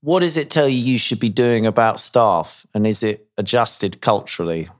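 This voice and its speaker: A man's voice: fairly low pitch, moderate pace. Sweary host, blunt, keeps pushing back on his guest. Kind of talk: casual chat.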